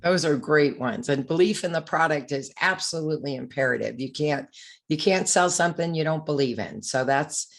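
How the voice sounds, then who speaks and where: Low-voiced woman hosting an interview. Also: moderate pace. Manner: friendly, affirming questioner. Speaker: interview host and course creator.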